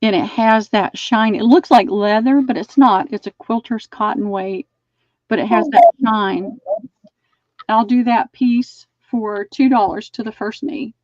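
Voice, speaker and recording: A woman's voice: on the high side, unhurried, a little mellow, dry recording, muffled recording. A woman hosting a live online sale, chatting as she measures and describes items. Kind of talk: live-streamed sale pitch.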